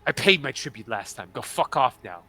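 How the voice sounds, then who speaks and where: A scheming goblin lord in pirate finery, as a man puts him on, wheedling and brusque by turns. He keeps repeating words to win his listeners over. The tone is bright and forceful, at an even middle pitch. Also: fairly quick, faint music behind. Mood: sly. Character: finely dressed male pirate goblin lord, sly and scheming.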